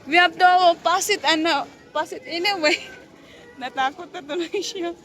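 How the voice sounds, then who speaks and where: Over a noisy crowd, a woman with a very high-pitched voice speaks at a moderate pace. She's recording a casual family vlog, laughing a lot as she coaxes a small child and talks with her husband.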